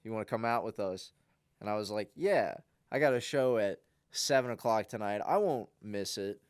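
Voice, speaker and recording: A young man, a podcast co-host, telling a long, rambling story in a casual, animated way. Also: on the low side, moderate pace, clean tone, no room sound, studio quality.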